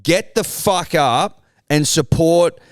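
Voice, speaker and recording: Smooth-voiced sweary Australian co-host. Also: male voice, on the high side, slow pace, no room sound. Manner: sweary, joking, fired-up. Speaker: podcast co-host. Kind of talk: casual banter.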